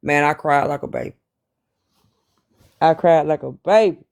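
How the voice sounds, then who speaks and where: A man, telling a personal story in casual, slangy, animated chat. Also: fairly high pitch, moderate pace, vocal fry, clear, resonant tone. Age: 40s.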